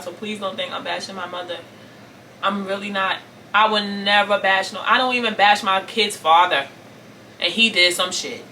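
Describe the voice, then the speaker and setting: A woman's voice: mid-range voice, pushed and bright, distant mic, a little hiss or hum. A woman in her forties telling an emotional personal story to her viewers, earnest and repetitive, often calling them y'all. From Brooklyn, New York. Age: 40s. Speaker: vlogger.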